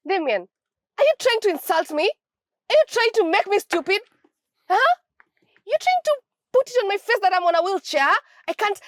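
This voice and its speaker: Aktorka grająca rozgoryczoną siostrę na wózku, z nigeryjskim akcentem, która zrzędzi bardzo wysokim, żywo skaczącym głosem. Nagranie jest suche, bez pogłosu. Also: female voice, sing-song, normal speed, long pauses, no echo. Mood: angry. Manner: scolding, shrill complaints. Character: bitter sister in a wheelchair.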